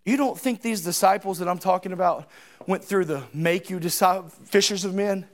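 Middle-aged male preacher with a very high voice, dramatic sermon delivery, voices Bible figures. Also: normal speed. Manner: animated, dramatic, acts out Bible characters.

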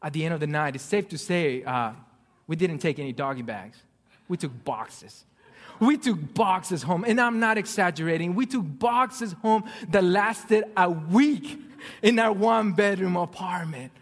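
A man preaching a sermon, telling stories with swings from loud excitement to hushed near-whispers. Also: sits high, unhurried. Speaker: pastor. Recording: long reverb of a hall.

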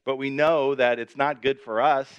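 A man's voice: medium pitch, steady tone, normal speed, clean tone, dull audio. A man preaching a sermon in a conversational way, reading scripture verses aloud and explaining them with everyday examples. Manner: conversational, repeats and restarts, reads scripture aloud. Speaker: pastor.

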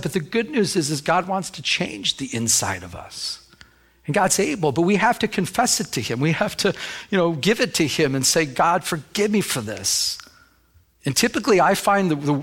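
A man's voice: medium pitch, a bit bright. A middle-aged man preaching a sermon as pastor, talking to the congregation in a conversational way and acting out little dialogues. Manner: conversational, acts out dialogue with God.

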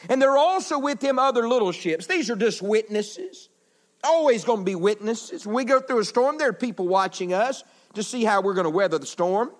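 A male pastor preaching a sermon in a church, swinging from loud declarations to hushed words, with folksy asides to the congregation. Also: high voice, expressive, brisk. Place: church building.

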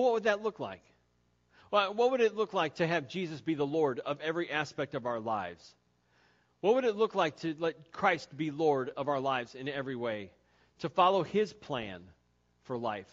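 A man preaching a sermon as pastor, earnest and repetitive, often dropping soft and low to stress a point. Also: lively intonation, moderate pace, highs cut off. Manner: earnest, repeating key phrases, drops soft and low for emphasis.

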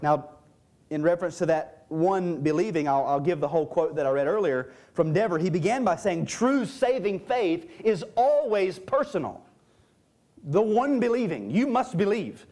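A man's voice: on the high side, expressive, fairly quick, warm tone. A man preaching a sermon, reading scripture aloud and stressing its key words to explain them.

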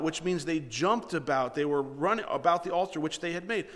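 Animated preacher man in a reverberant hall. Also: a little high, brisk. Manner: animated, shifts between loud mocking and quiet reading. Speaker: pastor. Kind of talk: sermon.

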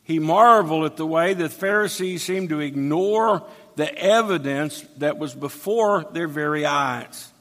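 A man delivers an expository sermon, reading scripture aloud and unpacking it verse by verse. His voice is fairly high and fairly bright, his pace a little slow, and the recording carries a long hall reverb.

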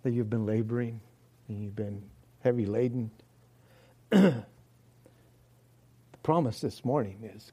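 A man preaching a sermon, slow and earnest, often dropping to soft, hushed words. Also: fairly low pitch, breathy edge. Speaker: pastor. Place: church hall.

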